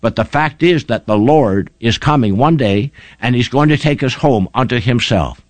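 A man's voice: medium pitch, animated, moderate pace, no echo. A man preaching a broadcast sermon, making an earnest, pleading appeal to his listeners. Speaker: radio preacher.

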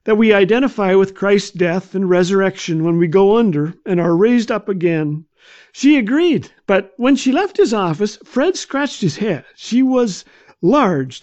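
A man on a radio devotional, telling a gently comic family anecdote in a humorous storytelling style. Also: high voice. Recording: dull lo-fi.

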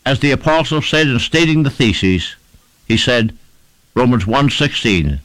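A man's voice: mid-range voice, expressive, a little slow, a bit bright, no echo, rough recording. A man preaching a sermon, stressing his points and repeating phrases in rhythmic lists.

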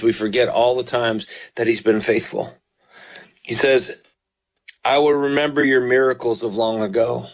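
A man preaching on a radio broadcast, reading scripture aloud and earnestly pleading with listeners. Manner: earnest, pleading, rises in pitch voicing the psalmist. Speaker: radio preacher taking calls.

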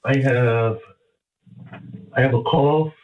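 A man calling in to a show, sick, with a stuffy nose and a fading voice, talking in a hesitant, halting way. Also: medium pitch, fairly even intonation. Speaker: caller. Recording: tinny phone line.

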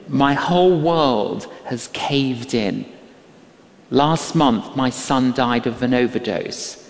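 Older man preaching, unhurried and emphatic, high-pitched, echo of a big hall. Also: slight background noise. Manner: emphatic, repeats key lines, acts out quoted voices. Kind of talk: sermon with storytelling. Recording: long hall reverb.

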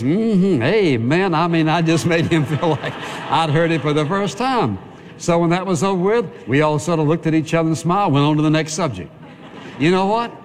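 A man's voice: on the high side, a little hiss or hum. A man preaching a sermon as pastor, earnest and conversational, piling up repeated phrases. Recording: long reverb of a big hall.

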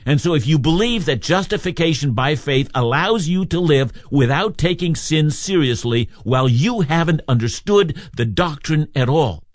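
A man's voice: fairly high pitch, animated, normal speed, hardly any pauses, no room sound. A man preaching a sermon, reading scripture aloud and explaining it verse by verse with emphatic points. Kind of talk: radio Bible teaching.

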